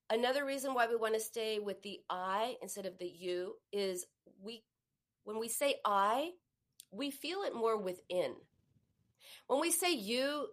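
A woman hosting a live advice show, coaching listeners and acting out the ways people talk to themselves. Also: a little high. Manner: warm coaching tone, acts out quoted self-talk. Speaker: host giving eating advice.

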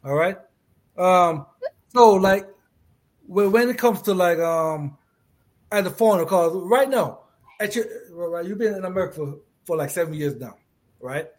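A middle-aged man conducts a relaxed interview, his voice sitting a little high for a man. He is encouraging and laughs easily. He stumbles and repeats words as he goes. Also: a little slow, pauses often. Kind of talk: casual interview.

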